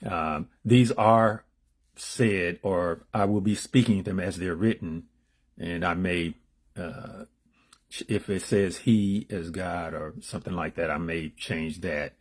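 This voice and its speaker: Slow, husky-voiced man reading meditations. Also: steady tone. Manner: unrehearsed, loose asides between readings; reads passages louder and higher, asides dropped low and quiet. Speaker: spiritual reader. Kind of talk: casual reading of daily spiritual meditations.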